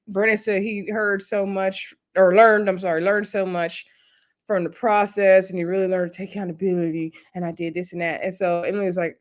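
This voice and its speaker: Woman doing a casual tv recap, chatty and animated, laughs a lot, says y'all, acts out the quotes. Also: medium pitch, normal speed. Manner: uses Southern US slang like y'all and child. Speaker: reality show recap host.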